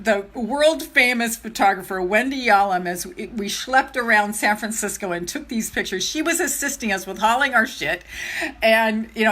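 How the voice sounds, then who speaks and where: Bright-voiced older woman, emotional and animated. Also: a little high. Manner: emotional, animated, repeats phrases. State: trembling. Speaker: self-love coach. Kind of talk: live-stream vlog talk.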